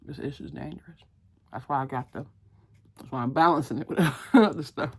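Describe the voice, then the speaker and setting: A chatty woman talks through her day in a relaxed vlog, laughing often. Her voice sits low for a woman. She teases her dog in a playful, scolding way. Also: fairly quick, slightly rough. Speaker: vlogger. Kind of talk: casual vlog chat.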